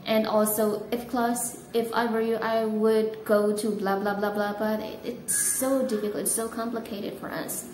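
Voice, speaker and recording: A woman with an Indonesian accent talks through an English lesson in an easygoing, slow way, chatty and self-amused. Her voice sits at a middle pitch. The room is echoey, and a steady noise runs behind her. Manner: relaxed and chatty, laughs at herself. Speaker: English teacher. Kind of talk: casual video lesson.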